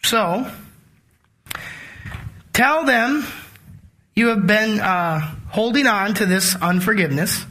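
Man, sermon, high voice, bright tone, conversational, acts out asides. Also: slow pace, long pauses. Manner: conversational, animated preaching with acted-out asides. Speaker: pastor.

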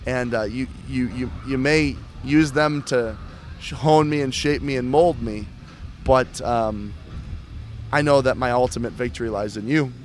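A man's voice: mid-range voice, a little slow, slight background noise. A man earnestly talking about his faith in a casual interview, often repeating words as he goes.

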